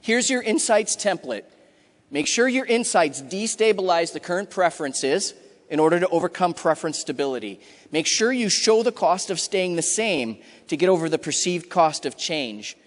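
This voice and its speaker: A middle-aged man giving an energetic, emphatic conference talk, acting out what customers say in quick asides. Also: high voice. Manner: punchy, emphatic delivery with acted-out customer quotes. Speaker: conference keynote speaker. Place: large conference hall. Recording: hall reverb from a big room.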